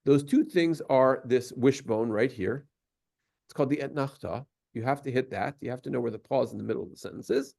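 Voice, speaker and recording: Gravelly man teaching patiently. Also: mid-range voice, brisk, mellow. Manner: patient, explanatory, sings short examples. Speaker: synagogue teacher. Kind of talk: explanatory lesson on Torah cantillation.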